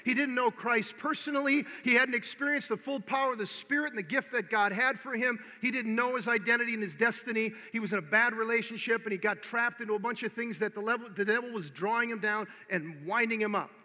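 A man preaching, telling a personal story with animated acted-out dialogue and swinging from hushed to loud exhortation. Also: very high-pitched, fast, few pauses. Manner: animated storyteller, acting out both sides of the dialogue. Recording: long hall reverb.

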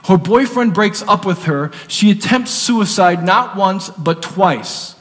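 A man's voice: high-pitched, lively intonation, takes it slowly, a bit bright, soft background music. A man preaching a sermon, telling a story earnestly and repeating words for emphasis. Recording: long reverb of a large hall.

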